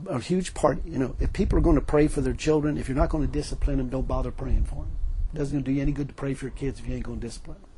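A man's voice: fairly high pitch, warm tone, slight background noise. A middle-aged man preaching a sermon, telling folksy stories with emphatic lines and frequent laughter. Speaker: pastor.

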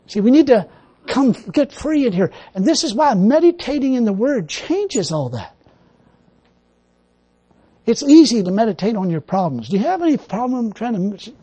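Male pastor, folksy sermon and prayer, expressive rise and fall, peppered with hallelujah. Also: high-pitched, slightly rough. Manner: folksy, repeating phrases, punctuating with hallelujah.

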